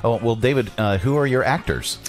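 A man's voice: medium pitch, expressive, fairly quick, faint music behind. A man hosting a radio talk show, chatty and full of filler "uh"s, also reading sponsor ads. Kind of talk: casual radio talk and ad reads.

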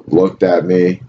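Low-voiced man telling loose, profane stories. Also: warm tone. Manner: loose, profane storytelling with lots of laughing. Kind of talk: casual chat. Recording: dull lo-fi sound with faint noise.

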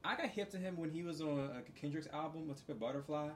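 A man's voice: a little high, slight background noise. Emphatic man in casual chat. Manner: emphatic, opinionated, quick reactions. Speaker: podcast co-host.

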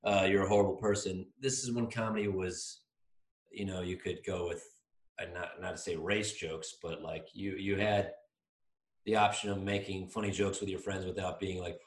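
A man in his thirties, co-hosting a casual podcast, telling a rambling, animated story full of restarts. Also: low-pitched, moderate pace, distant mic. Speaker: podcast co-host. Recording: echoey room, voice off-mic.

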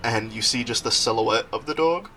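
A young man hosting a casual podcast, telling stories in an animated way and often laughing. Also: mid-range voice, moderate pace, slight background noise. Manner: laughing, animated storytelling with quoted voices. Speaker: podcast host.

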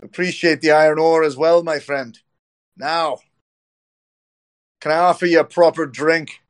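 A man's voice: on the high side, steady tone, unhurried, voice pushed up, lightly acted. A man voicing a hearty male dwarf who speaks in an old-fashioned way, welcoming travelers. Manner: old-fashioned speech, says aye.

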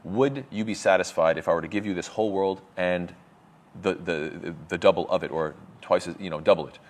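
A man teaching a religious lesson, explaining terms with many fillers and restarts and quick Arabic quotations. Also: deep voice. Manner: reads Arabic quotes quickly. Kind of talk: explaining a lecture.

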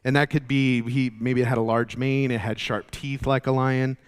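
A man's voice: mid-range voice, level tone, normal speed, clean tone. A man teaching a Bible study in a conversational, explanatory way, with many fillers and restarts.

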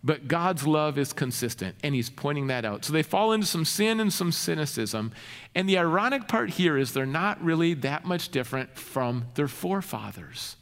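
A man delivers a sermon in an earnest pastor's manner, often turning to the congregation with rhetorical questions. His voice sits a little high and swings widely in pitch. A long reverb trails after each phrase, as in a big hall. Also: animated, moderate pace, fairly bright tone.

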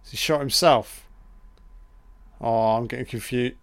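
A man's voice: mid-range voice, a little slow, gravelly, no room sound. Young man, casual film reaction commentary, heavy swearing, surprised exclamations, mid-range voice.

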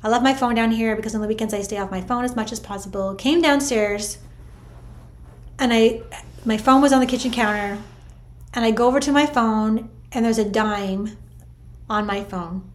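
A middle-aged woman telling viewers a personal spiritual story in a chatty, animated way, full of "like" and "I'm like". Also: a little high, normal speed. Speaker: vlogger sharing a spiritual story.

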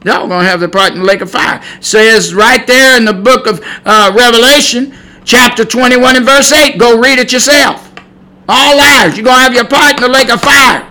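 A middle-aged man preaching a sermon on his podcast, fiery and loud at the warnings, chatty and easygoing in his asides. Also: very high-pitched, moderate pace, low-quality recording. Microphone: podcast mic.

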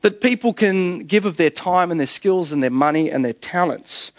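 Joking Australian preacher, slightly high voice. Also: male voice, lively intonation, moderate pace, no room sound, studio quality. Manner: storytelling with humor, chuckling at his own jokes, rhetorical questions. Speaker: pastor. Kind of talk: sermon.

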